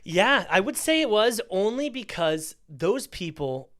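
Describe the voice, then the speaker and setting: A young man co-hosting a podcast, telling a stand-up story in a casual, animated way, often laughing and acting out what people said. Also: high-pitched, measured pace. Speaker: podcast co-host, stand-up comedian.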